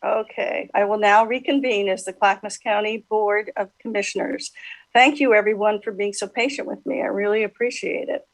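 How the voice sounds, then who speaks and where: A woman's voice: medium pitch, fairly even intonation, normal speed, no room sound, low-quality recording. A woman chairing a county board meeting in a polite, accommodating way.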